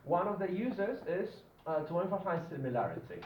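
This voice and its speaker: A man teaching a grammar lesson to a class, often checking in with the students and drawing out his example words slowly. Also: sits high, wildly swooping pitch, a little hiss or hum. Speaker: English teacher. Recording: dull lo-fi classroom recording with room echo.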